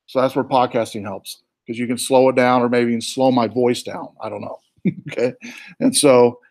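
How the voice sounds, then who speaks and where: Male instructor with a Southern accent, mid-pitched, relaxed and chatty, talking students through a course site on screen. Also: moderate pace. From born in New York, raised in the US South. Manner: relaxed and chatty, with fillers and asides. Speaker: college instructor. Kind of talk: casual screen-share walkthrough.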